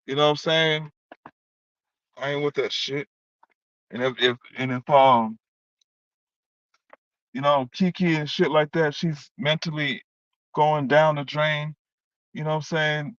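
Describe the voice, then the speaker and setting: A man with a fairly high, steady voice and a slightly bright tone vlogs slowly with long pauses, launching into a heated, rambling, profane monologue at someone who wronged him and repeating "you know what I'm saying" over and over. The recording is dull, lo-fi, and dry, with no room sound.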